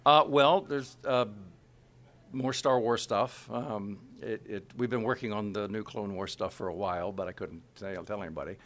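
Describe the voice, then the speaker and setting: A man's voice: lowish voice, moderate pace. A middle-aged man from Kansas City, a voice actor chatting in an interview and slipping into character voices as he talks. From Kansas City, USA. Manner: animated, slips into character voices mid-sentence. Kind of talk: casual interview chat.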